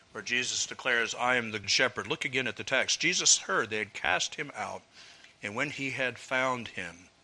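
Man, preacher, very bright voice, sermon, earnest teaching. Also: medium pitch. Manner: earnest teaching tone, rhetorical questions. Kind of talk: expository sermon.

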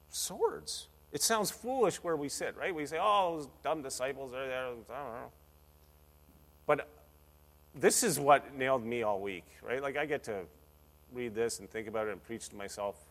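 A man preaching a sermon as a pastor, energetic and playful, with big swings in loudness. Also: mid-range voice. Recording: long hall reverb.

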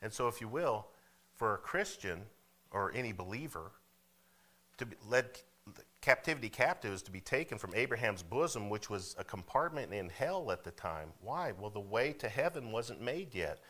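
Bright-voiced preacher man. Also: lowish voice, big pitch swings, moderate pace. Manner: folksy, asks the congregation "Amen?" and "okay?"; swings from loud preaching to hushed asides. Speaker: pastor. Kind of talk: sermon.

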